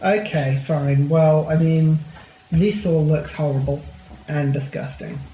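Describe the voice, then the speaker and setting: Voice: medium pitch, fairly even intonation, slow pace, dark tone, roomy sound, a little hiss or hum, poor audio. A player in a tabletop game, making dry, wry remarks.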